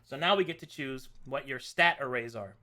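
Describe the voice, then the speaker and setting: Bright-voiced man running a tabletop game. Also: mid-range voice, moderate pace. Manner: relaxed, explaining rules. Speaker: game master. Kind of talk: casual tabletop game session chat.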